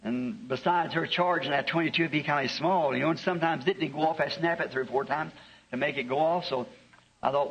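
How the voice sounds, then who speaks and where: A preacher from the American South tells a homespun story during a sermon, chuckling through his anecdotes at a quick pace. His mid-range voice is steady, creaky and a little bright. The recording comes from a dull, lo-fi archive tape.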